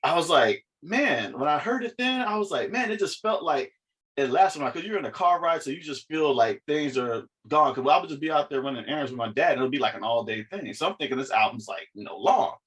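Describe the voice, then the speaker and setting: A man's voice: on the high side, brisk. A man co-hosting a podcast in casual chat, telling stories with lots of laughter. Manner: laughs often, animated storytelling. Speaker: podcast co-host.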